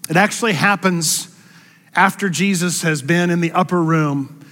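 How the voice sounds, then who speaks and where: Preaching man in a reverberant hall. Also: normal speed. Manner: expressive, rises in pitch and volume for quoted words. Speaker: pastor. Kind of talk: sermon.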